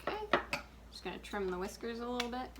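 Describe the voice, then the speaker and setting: A woman's voice: fairly high pitch, fast, very noisy. A woman working as a children's librarian, giving a casual, chatty craft tutorial and laughing often. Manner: chatty, giggly, full of fillers.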